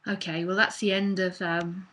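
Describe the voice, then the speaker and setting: A woman's voice: on the low side, flat delivery, normal speed, a bit bright, poor audio. A woman speaking as a spiritual teacher in a live online talk, earnest and casual, with fillers and the odd swear word, into a computer mic.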